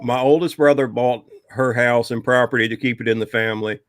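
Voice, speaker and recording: A man's voice: mid-range voice, fairly even intonation, brisk, no room sound. A man telling a long personal ghost story in a casual, rambling way, with many fillers.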